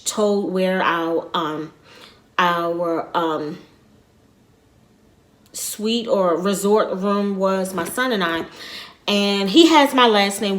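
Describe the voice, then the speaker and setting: A middle-aged woman vlogging casually, rambling and repeating herself as she tells a personal story in an earnest, quiet way. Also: medium pitch.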